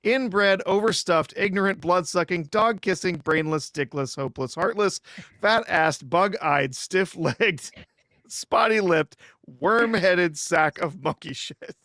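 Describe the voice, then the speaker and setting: A man's voice: high voice, slow pace, pushed and bright, dry recording, clean studio sound. A man on a movie podcast sharing film trivia and quoting lines, laughing as he goes. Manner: shares trivia, laughs while talking. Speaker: podcast co-host. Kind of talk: casual movie review chat.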